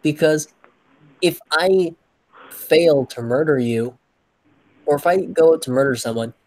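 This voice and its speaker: A man's voice: on the high side, slow pace, darkish tone, dry recording, low-quality recording. A man co-hosting a podcast in casual chat, making his case point by point. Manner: argumentative, reasoning point by point. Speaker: podcast co-host.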